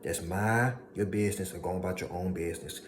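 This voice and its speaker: A man's voice: low voice, fairly quick. A man giving an emphatic motivational monologue, repeating lines for effect and mocking his doubters. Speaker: motivational speaker. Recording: steady background noise.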